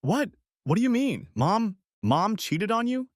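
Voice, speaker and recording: Man putting on an angry teenage son, high and cracking, very lively swings, dry close sound. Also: unhurried, no echo, full character voice. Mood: disbelieving. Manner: raised pitch, shouting and cracking. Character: distraught fifteen-year-old son, angry and hurt. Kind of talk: storybook narration, acted dialogue.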